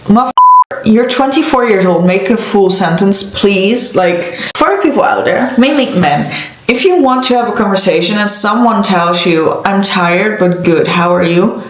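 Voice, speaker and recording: A woman's voice: medium pitch, a little slow, reverberant, low-quality recording. A young woman from the Netherlands doing her makeup and telling a story in a sarcastic, exasperated way. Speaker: makeup vlogger. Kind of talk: casual chat while doing makeup.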